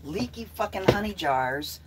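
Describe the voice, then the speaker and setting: A woman's voice: mid-range voice, lively intonation, a little slow, noisy background. A woman talking on her own livestream, blunt and heavily profane. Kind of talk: casual livestream talk.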